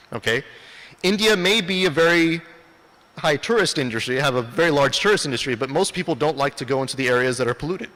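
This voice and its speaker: A man's voice: a little high, a bit bright. Man lecturing in a reverberant hall. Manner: asks the audience questions and answers them himself. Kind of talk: lecture presentation.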